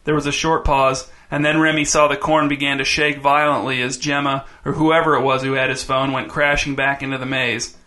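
A man narrates a story in a bright, clear voice, keeping his pitch fairly even. His reading is dry and wry, steady through long sentences. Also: fairly quick, few pauses. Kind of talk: scripted narration.

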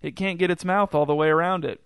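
A man voicing a reckless young boy who talks in a low, offhand and dismissive way. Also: fairly even intonation, fast, a bit bright, smooth, no room sound.

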